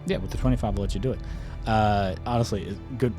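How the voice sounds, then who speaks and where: Young male game master, lower register, loose rambling narration over soft music. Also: steady tone, quick pace. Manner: rambling, many fillers and restarts. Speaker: dungeon master. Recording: faint music behind.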